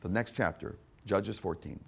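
A man preaching a sermon, fervent and repetitive, who swings from hushed asides to loud emphatic lines and calls his listeners "my friend.". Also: deep voice, normal speed, vocal fry, husky. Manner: speaks directly to listeners as "my friend".

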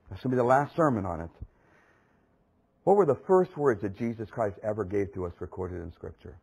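Husky-voiced male preacher, impassioned. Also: mid-range voice, darkish tone, poor audio. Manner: impassioned, emphatic repetition. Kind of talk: sermon.

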